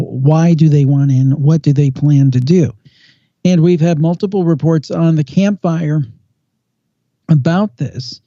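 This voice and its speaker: A man telling an eerie first-hand report on a podcast, slowing down for dramatic effect. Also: fairly high pitch, warm tone, dry recording. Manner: measured storyteller with slow dramatic pauses. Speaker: paranormal podcast guest host. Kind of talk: storytelling on a podcast. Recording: dull lo-fi sound, dry.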